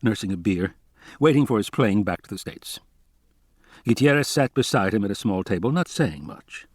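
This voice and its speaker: Male narrator for audiobook, even-paced storytelling, dry and close. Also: lowish voice, dry recording. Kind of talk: scripted narration.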